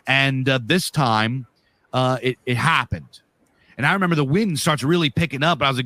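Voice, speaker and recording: A man from the northeastern US cohosts a podcast and tells a story casually. His voice is bright and forward, and the sound is close and dry. He rambles vividly, with plenty of fillers and swearing. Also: mid-range voice, moderate pace, no echo. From northeastern US, Pennsylvania. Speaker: podcast co-host.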